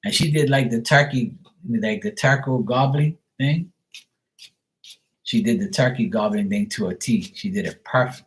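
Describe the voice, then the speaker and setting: A man's voice: mid-range voice, normal speed. A man giving casual, profane tarot readings on a livestream, chatting loosely and laughing often between cards. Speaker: tarot reader.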